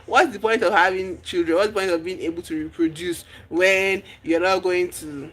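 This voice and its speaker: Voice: mid-range voice, steady tone, moderate pace, fairly bright tone, close to an everyday voice. A streamer voicing a desperate pleading young woman. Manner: pleading, emphatic.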